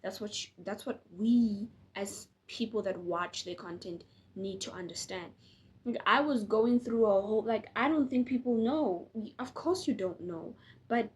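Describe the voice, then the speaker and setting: A woman's voice: medium pitch, lively intonation, moderate pace, darkish tone. A tired young woman talking casually to camera as a faith vlogger, earnest and encouraging, with frequent restarts. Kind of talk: casual direct-to-camera talk.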